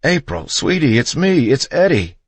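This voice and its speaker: A man voicing a frantic young husband who shouts and pleads with his frightened wife, in an audiobook. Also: lowish voice, expressive, takes it slowly, slightly rough, no echo, voice pushed up, full character voice.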